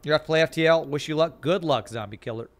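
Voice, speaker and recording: Talking fast in a somewhat high voice, a man gives live commentary on the strategy game he's streaming, casually explaining his moves and responding to messages from viewer chat as he reads them out.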